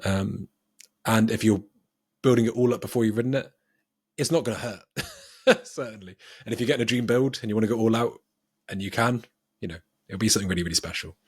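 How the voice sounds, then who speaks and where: A man co-hosts a podcast, chatting casually and thinking out loud with plenty of ums, often laughing at himself. His voice is lowish and husky, fairly quick, in a dry, studio-quality recording.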